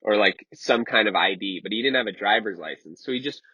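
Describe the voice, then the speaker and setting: Young man, husky voice, rambling profane storytime, dull lo-fi recording, dry sound. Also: fairly low pitch, a little fast, sharp tone, no room sound. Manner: rambling and profane, with many fillers. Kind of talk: casual storytime.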